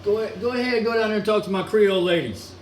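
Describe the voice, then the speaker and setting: A man's voice: sits high, fast talker. A man delivering a crude, mocking, rambling rant, chuckling now and then. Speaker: solo ranting vlogger. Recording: echoey room with air conditioning hum.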